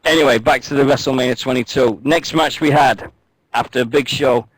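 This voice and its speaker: A man co-hosts a radio show in loose, joking banter. He swears freely and rambles through anecdotes at a mid-range pitch. The sound is dry and close. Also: steady tone, normal speed, breathy edge, dry recording, low-quality recording.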